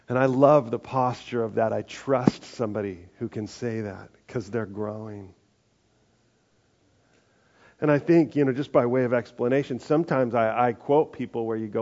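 A man preaching a sermon in a conversational way, slowing down for emphasis and adding lively asides. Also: lowish voice. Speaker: pastor. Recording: muffled live sermon audio.

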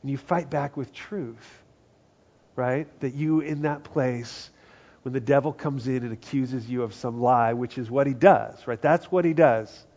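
A man preaching a conversational sermon, acting out quoted voices and often dropping to a hushed tone. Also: mid-range voice, measured pace. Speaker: pastor. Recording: dull lo-fi sound.

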